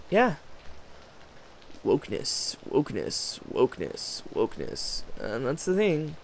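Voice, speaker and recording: A man hosting his own channel, rambling through a sarcastic, profanity-heavy rant and mocking other people's voices. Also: fairly high pitch. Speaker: channel host. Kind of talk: rambling ranting monologue.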